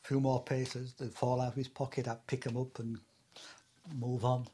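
A man's voice: mid-range voice, flat delivery, moderate pace, warm tone, husky. An older man from England telling anecdotes in an oral history interview, rambling with many fillers and bursts of laughter. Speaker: interviewee recalling Antarctic fieldwork.

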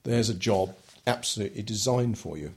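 A man's voice: on the low side, brisk, breathy edge. An older man telling his story in an interview, talking hesitantly with many ums and restarts. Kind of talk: relaxed oral history interview.

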